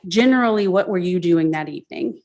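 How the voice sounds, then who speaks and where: A woman's voice: fairly low pitch, animated, darkish tone. Woman attorney questioning a witness. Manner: methodical, brisk, steers with short questions. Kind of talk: courtroom questioning.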